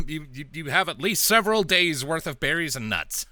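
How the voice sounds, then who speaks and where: A man narrating a tabletop game as dungeon master, in a relaxed, rambling way with frequent laughs. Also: fairly high pitch, moderate pace, slight background noise.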